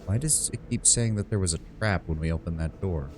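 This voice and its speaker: A man's voice: low voice, fairly quick, over music. A man streaming a video game, chatting casually and wryly, swearing and thinking aloud about the game's rules. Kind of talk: casual let's-play commentary.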